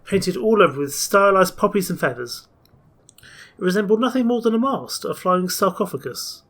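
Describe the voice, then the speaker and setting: A man's voice: high voice, expressive, normal speed, fairly bright tone. A man playing a story game, reading its text aloud and chatting about his choices. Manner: chatty, mixes reading with plans. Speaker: game player.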